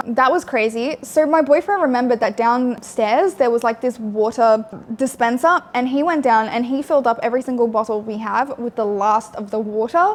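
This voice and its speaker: A young woman telling a personal story to camera, blunt and frank, swearing often and filling with likes. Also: on the high side. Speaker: vlogger. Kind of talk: candid storytelling.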